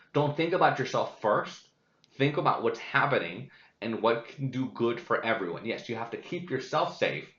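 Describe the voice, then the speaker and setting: A young man tells stories in his own voice, emotional and full of swearing, stopping and restarting as he goes. His low voice is recorded with a dull, lo-fi sound that rings around an echoey room. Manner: animated, profane, emotional retelling with many restarts. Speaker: vlogcast host. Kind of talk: casual personal storytelling.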